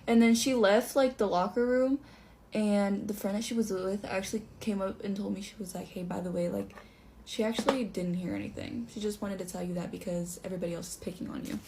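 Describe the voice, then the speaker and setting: A woman's voice: mid-range voice, fairly even intonation, a little fast, darkish tone. A young woman telling a casual story-time anecdote in an earnest, reflective and firm way.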